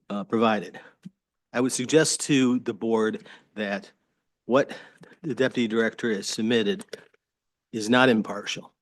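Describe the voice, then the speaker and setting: A man speaking as an attorney at a public board hearing, hesitant and halting, often restarting his sentences. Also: lowish voice, no echo. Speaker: attorney addressing a state board. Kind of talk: formal testimony at a public meeting. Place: government hearing room.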